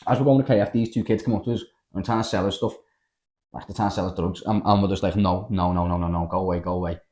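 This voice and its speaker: A young man with a Scouse accent, telling a story in casual podcast chat, animated and full of slang and swearing. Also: deep voice, fast. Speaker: podcast host.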